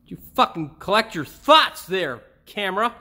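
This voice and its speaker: A man's voice: high voice, very animated, normal speed, pushed and bright. A middle-aged man hosting an auto repair channel, working outdoors in a driveway and talking to a camera. He is short on sleep, swears often, mutters to himself and keeps restarting his lines. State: sleep-deprived. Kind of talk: casual DIY repair outtakes.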